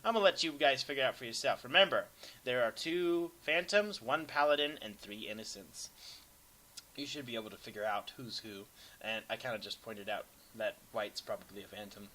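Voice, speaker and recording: A young man casually commenting over a replay of a strategy game, rambling and self-deprecating, sometimes breaking into excited yelps. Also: mid-range voice, moderate pace, poor audio. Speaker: gameplay commentator.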